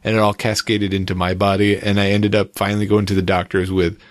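A man's voice: fairly low pitch, flat delivery, quick pace, dry recording. A man chatting casually as a podcast co-host, telling a rambling story with frequent laughs. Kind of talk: casual chat.

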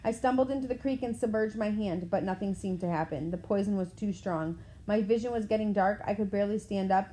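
A woman reading a first-person novel aloud in a steady, plain storytelling manner. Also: mid-range voice, brisk, low-quality recording. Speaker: audiobook narrator.

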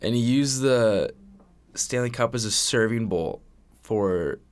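A man's voice: medium pitch, lively intonation, slow. A man co-hosting a casual podcast, telling stories animatedly and swearing a lot. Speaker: podcast co-host. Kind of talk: casual chat.

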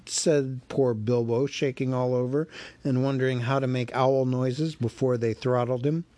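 A man reading a story aloud as narrator, with measured, wry storytelling. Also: mid-range voice, steady tone, dark tone, no room sound. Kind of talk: audiobook reading.

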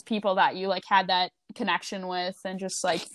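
A woman's voice: lowish voice, flat delivery, normal speed, no room sound. Young woman, easygoing podcast guest, lots of laughter, dry close sound. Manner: chatty, laughs often, many fillers. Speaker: rugby player guest. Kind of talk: casual podcast interview.

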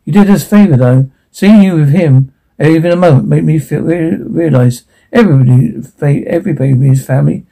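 A man doing a hushing young mother, husky voice. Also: a little high, brisk, hardly any pauses. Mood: sorrowful. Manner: soft, hushing. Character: tender frightened young mother soothing her baby.

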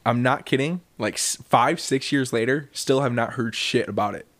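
An animated man telling a story on a casual podcast. His pitch jumps up when he acts out other people's lines, and laughter breaks into his telling. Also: moderate pace. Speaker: podcast co-host.

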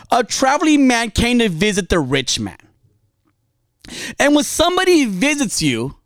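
Man preaching with wildly lively pitch. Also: dry recording, clean studio sound. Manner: dramatic storytelling, confessional, swings from quiet to fiery. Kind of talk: impassioned spoken sermon.

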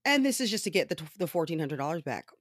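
A woman telling a story in casual commentary style, animated and often laughing, with profane asides. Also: low-pitched, quick pace, no echo, clean studio sound.

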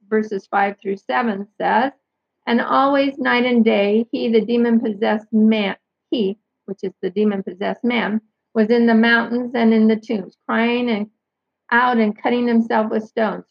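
Gravelly woman reading scripture aloud. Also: fairly high pitch, no echo. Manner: careful, repeats and clarifies who is meant. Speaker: Bible teacher. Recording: dull lo-fi sound.

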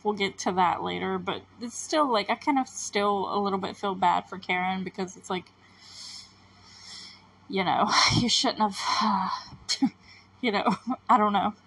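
A woman's voice: mid-range voice, unhurried, creaky, pauses often, a bit bright, breathy edge, poor audio. A woman hosting a TV recap podcast, talking casually and rambling with lots of filler words. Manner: chatty and rambling, full of fillers.

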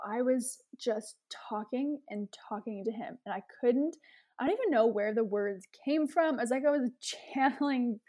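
Casting: young woman, slightly high-pitched, animated guest storyteller. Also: moderate pace. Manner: animated storyteller, many fillers and likes. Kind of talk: casual interview chat.

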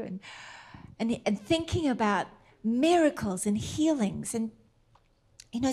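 A middle-aged woman preaching a sermon, tender and emphatic, slipping into soft whispered asides. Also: a little high.

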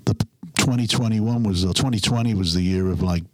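Deep-voiced English musician, rambling. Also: male voice, brisk, dry recording. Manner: rambling, self-interrupting, chuckling storyteller. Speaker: musician guest. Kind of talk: casual interview chat.

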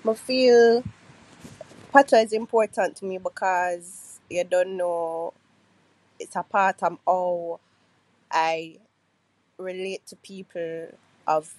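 Jamaican woman, very low register, sincere and thoughtful answers. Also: steady tone, slow, long pauses, a little mellow, no echo, low-quality recording. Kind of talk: recorded answers to podcast questions.

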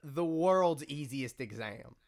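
A man's voice: mid-range voice, animated, slow pace, vocal fry, crowd noise. A teenage boy co-hosting a casual podcast, dropping dry, wry quips. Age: teens. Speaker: podcast co-host. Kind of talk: casual chat.

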